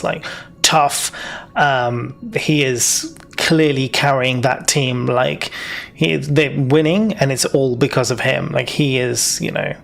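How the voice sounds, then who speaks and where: A man's voice: mid-range voice, creaky. A man narrating as game master of a tabletop game, loose and rambling, full of fillers and restarts.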